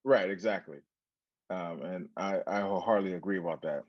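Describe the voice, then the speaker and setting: Low-voiced man telling his story. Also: brisk, no echo, lo-fi sound. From San Diego, USA. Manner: animated, acts out quoted dialogue. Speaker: interview guest. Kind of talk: conversational storytelling.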